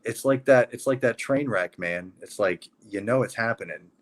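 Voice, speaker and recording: A man's voice: on the low side, normal speed. Laid-back, swearing man in casual chat. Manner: laid-back, profane, agreeable.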